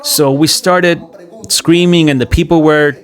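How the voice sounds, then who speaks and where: A man retelling a migrant's journey in the first person, in an animated storytelling manner where his pitch jumps up on the excited parts. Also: a little slow. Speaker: commentary channel host.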